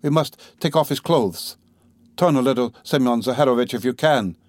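A man reading an audiobook voices a proud, desperate woman with a raised voice and rapid, pleading delivery. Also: medium pitch, no room sound, studio quality, lightly acted. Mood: despairing.

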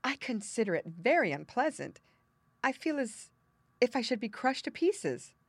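Fretful storybook princess done by a lady reader, high petulant voice, dry sound. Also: sing-song, moderate pace, slightly rough, dry recording, exaggerated voice. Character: young princess, fretful and fanciful. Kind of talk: audiobook character reading.

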